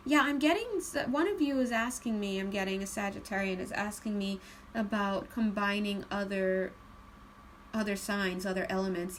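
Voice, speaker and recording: A woman giving a casual spiritual card reading, chatty and laughing often, slowing into a calm tone at times. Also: mid-range voice, slight background noise, poor audio. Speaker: tarot card reader.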